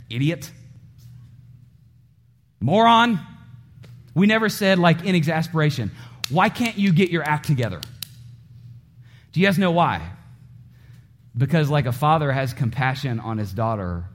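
A high-pitched man in his thirties preaching to his congregation. He delivers the sermon with lively energy, turns often to address the listeners directly, and acts out the voices in his stories. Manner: animated preaching, acts out voices and story scenes. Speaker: pastor.

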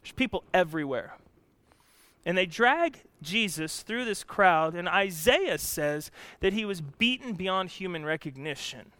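A male pastor preaching a sermon, telling the story with drama and swinging from loud emphasis to hushed, somber lines. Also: sits high, lively intonation, unhurried, dry recording.

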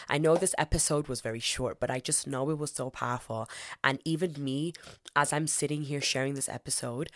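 Gravelly earnest man hosting a podcast. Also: mid-range voice, no room sound, studio quality. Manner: earnest, heartfelt, prayerful. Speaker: podcast host. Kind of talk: devotional podcast talk with spoken prayer.

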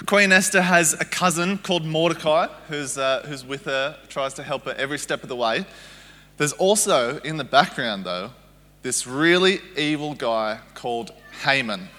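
Bright-voiced man preaching in a hall. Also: on the high side, moderate pace. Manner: storytelling, checks in with the audience. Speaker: guest speaker. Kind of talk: family service sermon. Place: church hall. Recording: reverberant hall.

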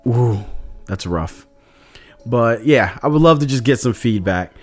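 A man's voice: medium pitch, lively intonation, unhurried, soft background music. Rambling man recapping his tabletop game. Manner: rambling, lots of fillers. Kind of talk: casual chat.

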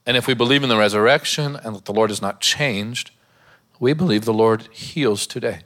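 A man's voice: medium pitch, normal speed, a bit bright. A man, a pastor, preaching a sermon in a church, mixing scripture with a humorous personal story and laughing often.

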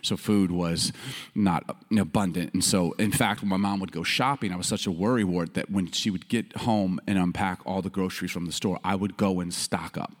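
A man from Chicago and Baltimore preaching as a pastor, telling a story with frequent laughter and loud bursts. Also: sits low, moderate pace. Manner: animated, laughing often, rising to loud bursts. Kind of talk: sermon storytelling.

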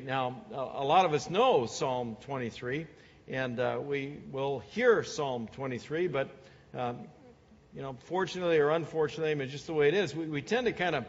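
Man preaching in a reverberant hall. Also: medium pitch. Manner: conversational, many fillers and repeated words. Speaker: pastor. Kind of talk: sermon. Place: church sanctuary. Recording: long hall reverb, dull sound.

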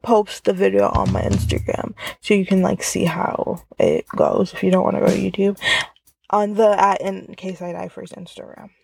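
A woman's voice: medium pitch, creaky, a little mellow. A woman hosting a casual solo podcast from inside her car, chatty and full of filler words. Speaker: podcast host.

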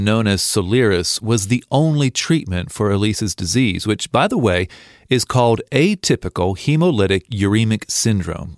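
Guy narrating a tv feature, low voice, super dry close sound. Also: no room sound. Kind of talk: scripted narration.

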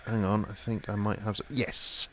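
A man's voice: lowish voice, little pitch movement, a little fast, noisy background. A man, an actor, chatting in improvised comedy, rambling and self-important, full of hesitations.

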